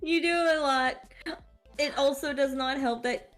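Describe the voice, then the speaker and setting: A woman's voice: high voice, a little slow, a bit bright, soft background music. A woman player joking and laughing with her group on a live stream. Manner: playful, laughs often. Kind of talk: casual stream chat.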